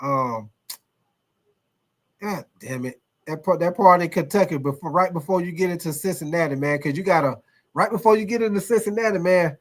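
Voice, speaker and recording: A man's voice: sits high, fairly bright tone. A man hosting a casual sports livestream, reading chat comments aloud in a loose, repetitive way, swearing and laughing often.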